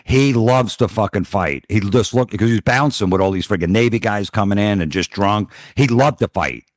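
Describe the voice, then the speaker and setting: Deep-voiced man telling stories. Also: normal speed, dry recording, studio quality. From New Jersey. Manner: blunt, profane, deadpan anecdotes. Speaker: comedian guest. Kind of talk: casual podcast storytelling.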